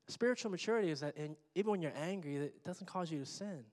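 A man's voice: a little high, animated, quick pace, a little mellow. A middle-aged man preaching a sermon, conversational with joking asides to the congregation. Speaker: pastor. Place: church sanctuary. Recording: long hall reverb.

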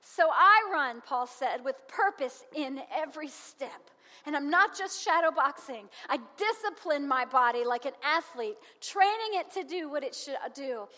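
A woman preaching a lively, humorous sermon, with emphatic repetition and laughter. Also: sits high, measured pace. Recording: long hall reverb.

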